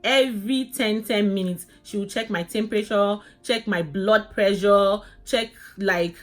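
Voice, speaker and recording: A woman's voice: mid-range voice, measured pace, soft background music. Woman animatedly retelling her birth story. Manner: animated, addresses viewers as guys, many restarts. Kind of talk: casual storytelling to camera.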